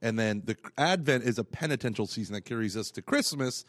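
A man's voice: medium pitch, animated, brisk, dry recording, studio quality. A man co-hosting a parish podcast in casual chat, joking and laughing often. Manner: jokey, laughs often, teasing. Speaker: podcast co-host, parish evangelization coordinator.

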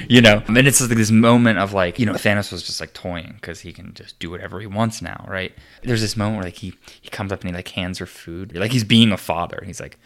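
A man's voice: deep voice, quick pace. A man co-hosting a podcast, retelling a film scene in casual chat, full of "like" fillers and quoted lines. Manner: animated retelling, many "like" fillers, quoting characters. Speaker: podcast co-host.

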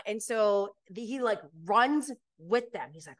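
A woman's voice: fairly high pitch, big pitch swings, brisk, hardly any pauses, a bit bright. A woman hosting a podcast, chatting casually and with animation about reality TV, laughing often and filling her talk with "like". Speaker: podcast host. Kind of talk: casual chat recapping reality TV.

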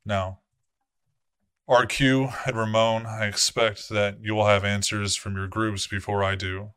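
A man's voice: fairly low pitch, little pitch movement, measured pace, a bit bright, smooth, no echo. A man voicing a male vampire prince who gives formal, authoritative orders with blunt swearing in a tabletop game. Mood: grave.

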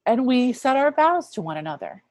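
A woman's voice: on the high side, very animated, normal speed, no room sound. Earnest woman in her fifties, dry sound. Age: 50s. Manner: earnest, reflective, often softening to a hush. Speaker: interview guest. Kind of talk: personal faith testimony.

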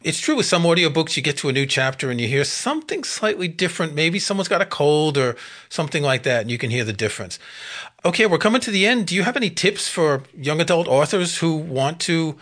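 A man hosting a podcast interview, asking questions and commenting in a measured, conversational way. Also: a little high, big pitch swings, fairly bright tone. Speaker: podcast host.

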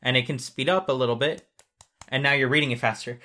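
A man's voice: medium pitch, fairly even intonation, fast, bright, forceful tone. A man casually explaining how data is sent over cables, patient and chatty, with many fillers.

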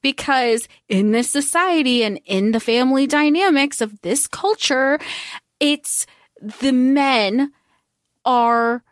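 A woman co-hosting a podcast, talking casually about a book, animated, laughing and swearing freely. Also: sits high, slow, no echo, studio quality. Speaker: podcast co-host.

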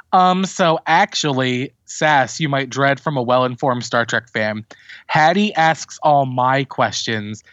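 A man hosting a podcast, chatting casually and recapping a TV episode with lively storytelling. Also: mid-range voice, no echo, highs cut off. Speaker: podcast host doing recaps.

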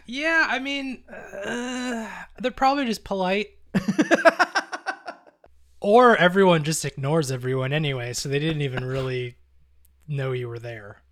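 A man from the United States hosting a podcast, animated and self-deprecating. He laughs easily, and his voice sits a touch higher than most men's. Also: measured pace, pauses often. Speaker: podcast host. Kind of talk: casual chat.

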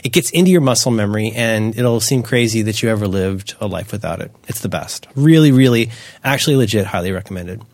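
A man's voice: on the low side, lively intonation, quick pace, no echo. A man co-hosting a podcast, chatting casually with wry, rambling, self-mocking asides. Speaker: podcast co-host.

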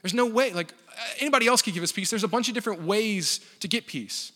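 A man's voice: high voice, fast talker, sharp tone. A male pastor giving a casual, joking sermon in a church, telling stories in a conversational way. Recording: long reverb of a church hall.

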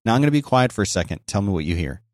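A lower-voiced man hosts a casual solo podcast about microphones, talking rapid-fire with big pitch swings, explaining conversationally and restarting often. The close dynamic mic with a noise gate keeps the sound dry, with no room sound. He's in a home office by a busy highway.

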